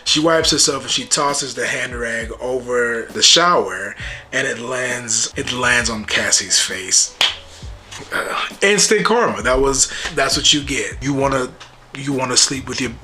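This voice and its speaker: A man giving a casual, joking recap and reaction to a TV episode, animated and full of slang. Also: medium pitch, measured pace, faint music behind. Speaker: YouTube TV reviewer.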